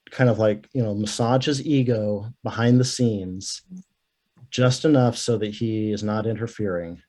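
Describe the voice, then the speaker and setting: A man's voice: lowish voice, dark tone. A man guest on a podcast, talking politics in a rambling, self-correcting way. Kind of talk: casual political chat.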